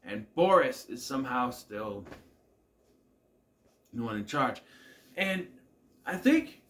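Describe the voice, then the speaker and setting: A man talks through a TV episode in a loose, rambling recap. His voice swings up and down at a middle pitch as he muses and questions the plot. He trails off often and chuckles at the scenes. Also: big pitch swings, takes it slowly, fairly bright tone. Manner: musing, self-questioning, trails off with "I don't know"; laughs at the scenes. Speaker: TV episode reviewer.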